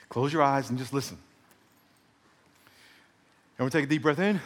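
A man preaching a sermon as pastor, teaching a way to pray and then softly guiding the listeners through it. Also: fairly high pitch, lively intonation, moderate pace, pauses often, in a large hall, a little hiss or hum.

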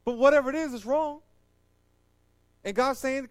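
A middle-aged male pastor preaching a sermon. He swings between loud, high exhortation and hushed closing prayer. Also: moderate pace, smooth, no echo.

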